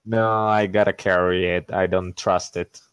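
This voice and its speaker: Slow, low-voiced man playing a tabletop game. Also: level tone, clean tone, no echo, low-quality recording. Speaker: player.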